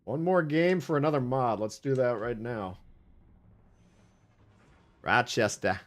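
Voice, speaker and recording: A man's voice: medium pitch, expressive, slow pace. A man streaming live gameplay, chatting casually with viewers, swearing and laughing as he plays.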